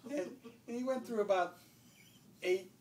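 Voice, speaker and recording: A man tells a childhood story slowly and casually, laughing often as he goes. He sounds set back from the microphone. A faint background noise runs underneath. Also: sits high, reverberant, far from the mic, rough recording. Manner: laughs a lot while telling a family story.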